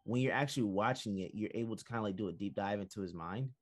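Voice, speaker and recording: A man's voice: lowish voice, quick pace. A man co-hosting an entertainment podcast, talking casually and animatedly with lots of fillers. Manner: animated, filler-heavy storytelling. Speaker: podcast co-host. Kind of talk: casual chat.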